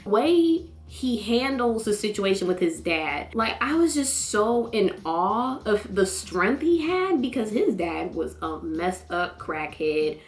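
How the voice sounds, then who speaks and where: A young woman vlogging a casual show review, slangy and animated, acting out lines with sudden high jumps in her voice. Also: slow pace, hardly any pauses. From North Carolina, US. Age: young adult. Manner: animated, slangy, acts out quotes with big pitch jumps.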